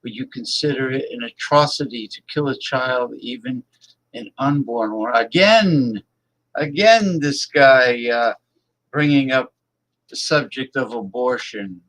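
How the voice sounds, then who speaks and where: A blunt male host talking politics on a casual livestream, reading viewer messages aloud. He speaks emphatically and repeats words to hammer his points home. His pace is slow and drawn out, and his voice sits at an ordinary middle pitch. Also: steady tone, fairly bright tone, poor audio.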